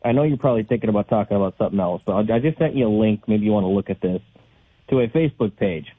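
A man's voice: on the low side, expressive, racing, no room sound. Male call-in listener, indignant and rambling; dry, phone-like sound. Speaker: caller. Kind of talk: call-in radio chat. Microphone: telephone. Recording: tinny phone line, husky.

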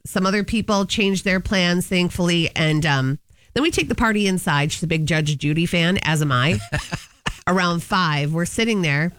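A woman co-hosting a casual chat show, telling stories in a lively way and laughing often. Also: on the low side, normal speed, no room sound. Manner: chatty storyteller, laughs often. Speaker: co-host.

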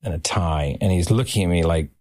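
A man telling a story as a podcast guest, acting out the quoted lines with big jumps in pitch. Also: brisk, darkish tone, no room sound. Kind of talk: animated anecdote. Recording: played clip from a podcast.

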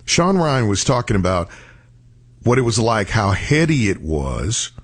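A man giving a reflective motivational talk, telling stories and slowing down on key words for emphasis. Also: fairly low pitch, very animated, slightly rough. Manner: storytelling, acts out quoted voices, slows for emphasis.

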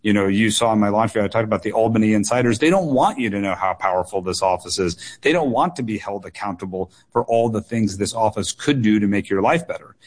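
A man's voice: lowish voice, fast, few pauses. A man running for state office, answering radio interview questions earnestly, with frequent fillers and repeated words. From United States. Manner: earnest, repetitive phrasing with many fillers and doubled words. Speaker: political candidate guest.

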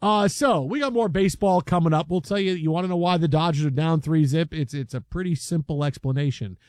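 A man's voice: on the high side, brisk, darkish tone, dry recording, clean studio sound. A man hosting a sports talk show who tells stories casually and animatedly, acting out the people he quotes. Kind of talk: casual storytelling.

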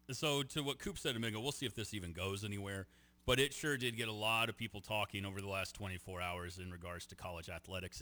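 A man's voice: fairly low pitch, sharp tone. A man hosting a sports talk radio show, joking casually and reading out the text line number.

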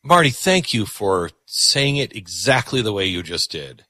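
Earnest male radio host, lively pitch. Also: measured pace, no echo, clean studio sound. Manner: earnest, reflective, stammering repeats. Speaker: radio talk show host. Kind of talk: call-in radio talk.

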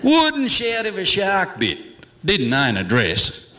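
Lively, bright-voiced man reciting comic verse. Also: sits high, takes it slowly. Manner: theatrical, swooping delivery with chuckles. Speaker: comic performer.

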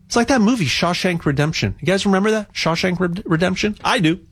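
A man's voice: high-pitched, quick pace, a bit bright, breathy edge. A man giving a casual, rambling sales monologue on gold, repeating words and ranting with rising energy. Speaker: gold promoter.

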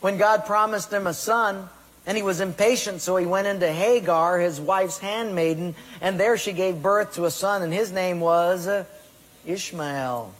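A man's voice: sits high, a little slow, fairly bright tone. A man preaching a sermon, putting direct questions to his congregation. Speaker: pastor. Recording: echoey hall with long reverb.

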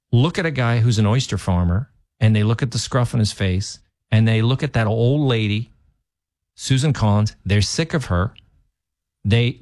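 A male fill-in talk radio host offering opinionated political commentary. His pitch is mid-range, and he talks loosely with many restarts. The sound is dry and close to the microphone. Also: a little mellow, dry recording. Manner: opinionated, conversational, with frequent restarts.

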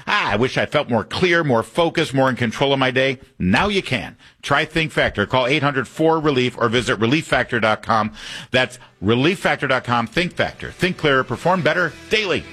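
A man's voice: mid-range voice, bright, forceful tone. A man hosting a talk radio show, chatting casually and reading an ad himself.

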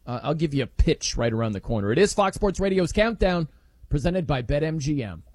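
A man hosting a sports radio show, talking briskly and joking, then reading sponsor copy, on a studio microphone. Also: on the high side, very animated, darkish tone, no echo. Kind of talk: sports radio talk and ad reads.

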